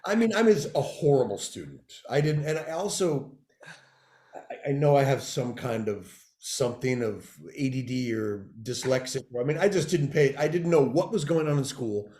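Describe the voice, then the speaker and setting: Middle-aged man from California, interview guest, lively anecdotes with acted-out voices, mid-pitched, echoey room sound. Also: moderate pace. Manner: animated storyteller who acts out quoted people. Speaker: guest, TV showrunner and actor. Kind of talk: casual storytelling interview.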